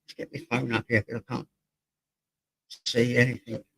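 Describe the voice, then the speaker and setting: An English man hosting a laid-back home stream greets viewers by name, reads the chat aloud and at times drifts away from his desk microphone. His mid-range voice is completely flat at normal speed, a bit bright and husky with vocal fry, recorded without echo but in poor audio.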